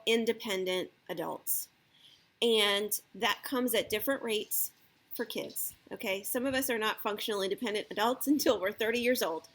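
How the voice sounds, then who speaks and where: A woman's voice: medium pitch, a bit bright. A woman giving casual parenting advice, checking in with her listeners with frequent "okay?" and "right?". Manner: acts out the parent's lines in a lifted voice. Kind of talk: casual advice talk to camera.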